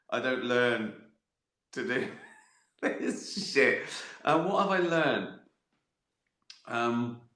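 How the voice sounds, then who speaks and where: A man's voice: medium pitch, fairly bright tone. A man hosting a casual livestream and answering viewer questions. He rambles, chuckles often and swears freely as he jokes. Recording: roomy echo.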